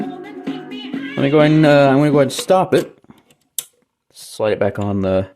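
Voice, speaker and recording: A man's voice: medium pitch, lively intonation, normal speed, long pauses, darkish tone, soft background music. A young man vlogging casually indoors, chatting to his viewers as he goes and speaking through the camera mic. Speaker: hobby vlogger. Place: indoor room lit by disco lights.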